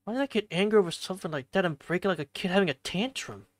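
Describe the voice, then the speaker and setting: A confused and irritable young student blurts out his lines in agitation, as a streamer reads his part. The voice stays at a middle pitch and is recorded dry, with no room sound. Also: lively intonation, very fast, dry recording, natural voice. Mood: bewildered.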